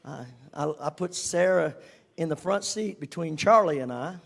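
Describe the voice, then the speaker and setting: Older man, storytelling, high voice, animated, whispers for emphasis. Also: moderate pace, gravelly. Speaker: speaker giving a testimony. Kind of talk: storytelling to a congregation.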